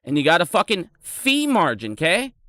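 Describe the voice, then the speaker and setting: A man in his thirties rants on a live stream, swearing constantly, his voice high and swinging wildly up and down. The tone is bright and edgy. The sound is dry and close. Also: huge pitch swings, moderate pace, no echo. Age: 30s. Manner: angry, profane, ranting.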